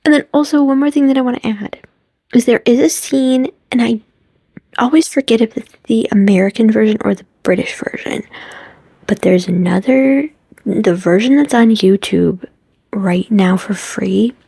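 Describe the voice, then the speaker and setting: A woman's voice: on the high side, normal speed, vocal fry, mellow, breathy edge, no echo. A young woman vlogger recapping a favorite movie in a gushing, casual way, often dropping to a whisper and acting out the characters' lines. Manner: gushing, often drops into whispers, acts out quotes.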